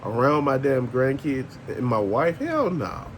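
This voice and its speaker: A man's voice: mid-range voice, big pitch swings, measured pace, slight background noise. An older man, ranting bluntly and profanely as a channel host, laughing often. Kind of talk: casual ranting monologue.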